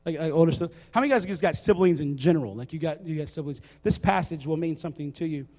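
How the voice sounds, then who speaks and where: A man's voice: on the high side, fast, darkish tone, in a large hall. A man preaching casually, reading scripture and joking with the crowd between verses, with lots of fillers. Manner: jokey, chatty, fillers, asks the crowd to repeat words. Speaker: youth preacher. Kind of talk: casual sermon with Bible reading.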